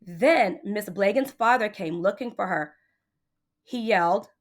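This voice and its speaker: A woman reading a picture book aloud in an expressive, playful way. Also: medium pitch, unhurried. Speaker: storybook reader.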